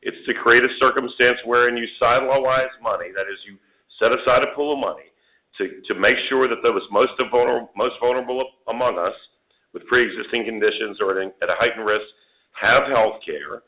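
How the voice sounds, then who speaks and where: A man's voice: medium pitch, brisk. A man hosting a telephone town hall as a congressman, answering callers with policy points and frequent restarts. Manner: policy-heavy, many restarts and stressed points. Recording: phone line.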